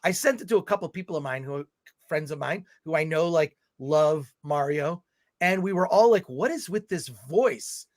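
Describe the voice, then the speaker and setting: A man's voice: fairly high pitch, moderate pace. A man co-hosting a film livestream, ranting animatedly and reading viewer comments aloud. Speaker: podcast co-host reading chat.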